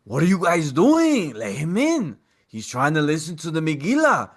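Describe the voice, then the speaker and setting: A man doing a stern male rabbi scolding young men, his voice pushed higher and with a different sound from his own, indignant and commanding as he orders them to stand aside. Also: huge pitch swings, normal speed, full character voice.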